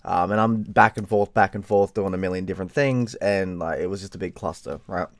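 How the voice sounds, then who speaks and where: A tired Australian man telling a rambling story in a casual vlog, swearing freely. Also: fairly quick. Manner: rambling, swears freely, mimics people in high voices. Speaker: vlogger.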